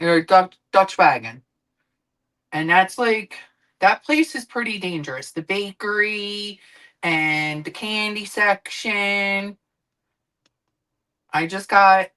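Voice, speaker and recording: A woman's voice: mid-range voice, fairly bright tone, poor audio. A woman streamer chatting casually while she cooks, rambling and swearing now and then. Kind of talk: casual chat while cooking.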